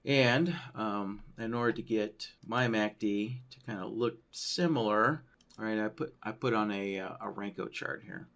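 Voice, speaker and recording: A man walking through a trading-software tutorial on a screen share, thinking aloud and checking in with "right?" as he goes. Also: on the low side, a little slow. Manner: loose, thinking aloud, frequent "right?" tags. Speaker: software trainer.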